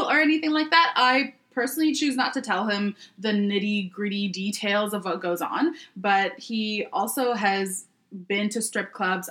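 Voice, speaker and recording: A woman guest chatting casually on a podcast, telling stories animatedly and laughing often. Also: medium pitch. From Canada. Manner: animated storyteller, laughs often, playful voices in quotes. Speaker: guest, sex worker.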